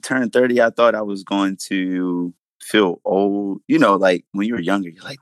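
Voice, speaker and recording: A thirty-year-old man hosts a podcast in a laid-back, reflective way, talking loosely with many fillers. His voice sits a little low and is recorded close and dry. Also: unhurried, dry recording. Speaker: podcast host. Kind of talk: casual chat.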